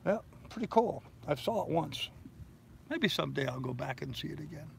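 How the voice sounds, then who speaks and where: An older man chats casually on a live stream from his boat in a bay, a sailing vlogger spinning rambling stories. His voice is a little high, gravelly, and animated, moving at a moderate pace. A slight hiss or hum sits under the audio.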